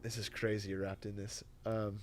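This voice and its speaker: A young man, a podcast guest, telling a personal testimony in casual, animated, emotional conversation full of "like" and "dude". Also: lowish voice, moderate pace, slight background noise.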